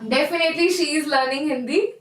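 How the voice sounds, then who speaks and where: Chatty high-voiced Indian woman teacher. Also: fast talker, echoey room, rough recording. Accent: Indian English. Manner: chatty and encouraging, addresses students as "bacha". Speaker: online chemistry teacher. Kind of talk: live online class, chatty teaching.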